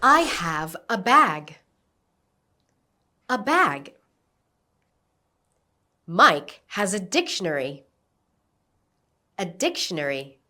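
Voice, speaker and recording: A woman teaching an English lesson, giving slow, carefully enunciated instructions and modelling words for repetition. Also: lowish voice, very animated, bright, forceful tone. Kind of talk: slow, clear classroom instruction.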